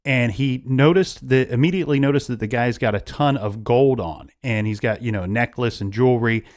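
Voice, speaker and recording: A man's voice: medium pitch, brisk, a little mellow. A man hosting a casual true-crime podcast, retelling events at length with frequent restarts. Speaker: podcast host.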